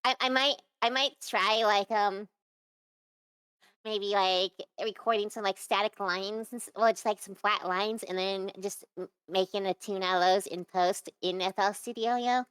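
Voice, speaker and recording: A young adult woman talks casually as an interview guest, rambling through her thoughts with many fillers and false starts. Her voice is smooth and clear, recorded close and dry with no room sound. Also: mid-range voice, steady tone, moderate pace, a bit bright, no room sound.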